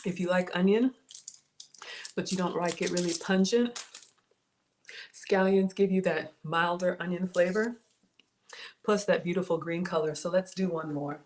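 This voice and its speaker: Her pitch is fairly low, and she speaks a little slowly with frequent pauses. She chats casually with her livestream viewers from the kitchen, greeting them by name, while a phone and tablet record noisy audio.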